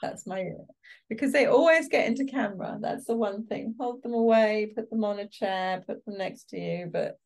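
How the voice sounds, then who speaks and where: Animated woman casting director, chatty. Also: mid-range voice, normal speed, creaky. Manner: animated, laughs often, acts out quoted reactions. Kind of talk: interview guest, casual conversation.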